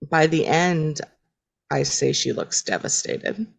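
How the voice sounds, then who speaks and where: A woman co-hosting a podcast, talking in an unhurried, agreeable way and often backing up her co-host. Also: low voice, expressive, vocal fry, slightly rough. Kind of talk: casual TV recap chat.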